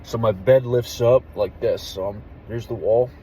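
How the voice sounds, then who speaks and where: A young man, an army veteran, telling a story casually and candidly, with plenty of swearing and a hushed drop in voice at the tense parts. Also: medium pitch, a little slow, a little hiss or hum, low-quality recording. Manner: candid, profane, drops to a hush for tense moments.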